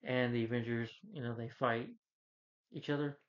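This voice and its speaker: A man casually recapping a film as a reviewer, rambling with many fillers and quick quoted character lines. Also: medium pitch, fairly even intonation, lo-fi sound. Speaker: movie reviewer.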